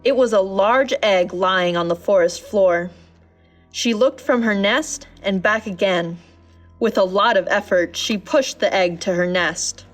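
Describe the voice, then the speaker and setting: A woman's voice: mid-range voice, measured pace, faint music behind. Woman reading a children's storybook. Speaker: narrator. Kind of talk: storybook narration.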